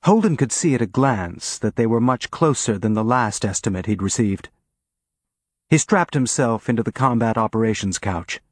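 A man narrating an audiobook in a steady, even reading voice on a close mic. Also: lowish voice, moderate pace, no echo. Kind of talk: scripted narration.

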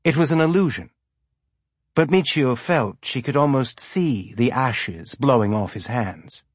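A man narrating an audiobook in a steady, even storytelling manner. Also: medium pitch, unhurried, breathy edge, no room sound, clean studio sound. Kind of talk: scripted narration.

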